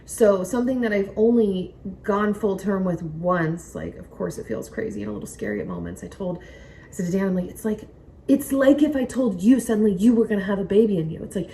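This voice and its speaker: A young woman chatting casually to camera from home in a rambling, excitable way. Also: mid-range voice, fairly quick. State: pregnant, recovering from nausea. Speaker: vlogger. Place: home, indoors by a window. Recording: somewhat distant mic, faint noise.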